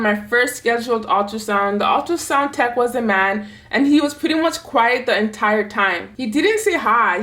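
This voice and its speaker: A woman's voice: a little high, fairly bright tone. A young woman vlogger telling a personal story to camera in a candid, conversational way. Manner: candid, conversational, plain-spoken.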